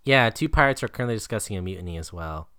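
Bright-voiced joking man in film chat. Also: on the low side, expressive, very fast, smooth. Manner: joking, laughs often, sarcastic. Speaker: podcast co-host reviewing a film. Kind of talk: casual chat.

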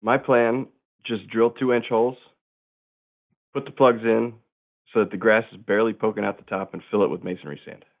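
A man's voice: fairly low pitch, steady tone, fairly quick, pauses often. A man calling in to a lawn-care show, explaining his setup plainly and in turf jargon. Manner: matter-of-fact, uses turf jargon. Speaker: caller. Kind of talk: phone-in question. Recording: tinny phone line.

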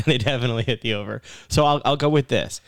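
A man's voice: medium pitch, fast, creaky, no echo, studio quality. A man co-hosting a sports radio show, chatty and laughing often as he talks.

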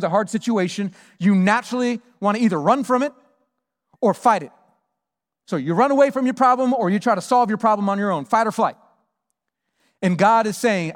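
A man preaching a sermon as pastor, emphatic, moving between hushed and loud delivery. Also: high-pitched. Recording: long hall reverb.

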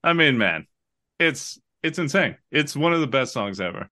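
A man co-hosting a casual chat, excitable and swearing freely as he acts out game moments. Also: medium pitch, normal speed. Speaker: podcast co-host.

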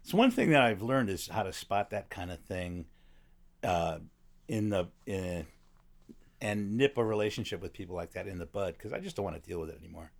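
A man with a fairly low voice speaks in an easygoing conversation. He weighs in thoughtfully with his own views and asks follow-up questions. His speech is loose and unscripted, with a few stumbles. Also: expressive, a little fast, vocal fry. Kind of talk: casual chat.

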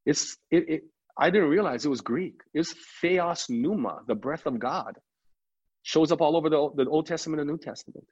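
A middle-aged male pastor with a husky voice spins a lively story, slipping into the voices of the people he quotes. The recording sounds a little muffled and lo-fi. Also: fairly high pitch, moderate pace. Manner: animated storyteller who acts out quoted dialogue. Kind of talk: storytelling in a podcast interview.

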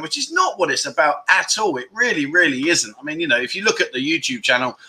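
A man's voice: on the high side, expressive, fast, few pauses, sharp tone. A middle-aged man hosting a casual livestream chat, teasing and talking loosely with many restarts. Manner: chatty, teasing, restarts often. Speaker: livestream host.

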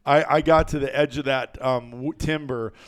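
A man telling a story as a guest on a podcast, in a lively, colorful way with some mild cursing. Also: medium pitch, normal speed, clean tone. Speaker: guest hunter.

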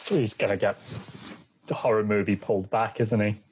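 A man playing a tabletop game, excitable and quick to swear as he reacts to the dice. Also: slightly rough. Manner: excitable, swearing, jumps between low and high. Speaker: player. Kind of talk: casual tabletop game play.

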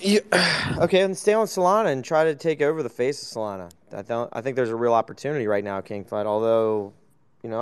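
A man's voice: medium pitch, darkish tone, clean tone. A man hosting a casual crypto chat, blunt and offhand.

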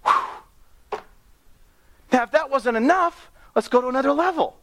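A man preaching an animated sermon, often laughing and acting out the people in his story. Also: extremely high pitch, moderate pace, slight background noise. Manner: excitable, laughs often, acts out characters.

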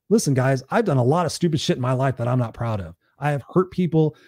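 A man's voice: mid-range voice, lively intonation, fast, darkish tone, no echo, clean studio sound. A man hosting a live stream, giving a blunt, preachy motivational talk in a casual, conversational way and swearing freely.

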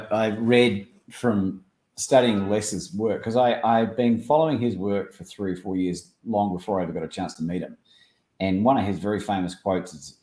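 An Australian man chatting as a guest, an animated storyteller who acts out quoted dialogue. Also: lowish voice, echoey room. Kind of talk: casual chat.

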